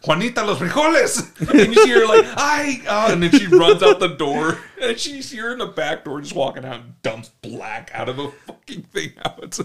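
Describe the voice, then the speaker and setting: A man with a high-sitting voice co-hosts a casual podcast, telling funny food stories with plenty of swearing and laughter. He speaks at normal speed with hardly any pauses, and crowd noise can be heard.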